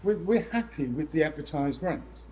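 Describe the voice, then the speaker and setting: Brit guy doing a live seminar talk, lively and jokey, bit high-pitched, slight hiss behind. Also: moderate pace, poor audio. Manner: lively, jokey, exasperated asides to the audience. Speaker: letting agent speaking at a landlord event.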